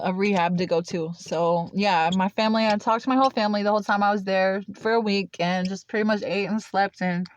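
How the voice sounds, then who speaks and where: A woman's voice: mid-range voice, smooth, dry recording, dull audio. Young woman rambling with constant "like". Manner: rambling, filler-heavy with constant "like". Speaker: vlogger. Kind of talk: casual personal storytelling.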